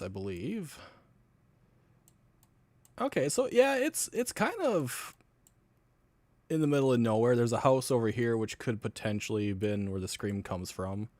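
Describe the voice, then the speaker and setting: A man's voice: medium pitch, a little mellow, no echo. A man chatting casually on a podcast about a possible haunting, talking loosely and swearing freely. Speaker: co-host.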